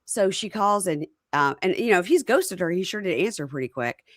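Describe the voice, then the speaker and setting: A woman's voice: on the low side, brisk, no room sound, studio quality. A woman hosting a casual recap podcast, acting out scenes from the show in put-on voices. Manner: animated retelling, acting out scenes in quoted voices. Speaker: podcast host. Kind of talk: casual reality TV recap chat.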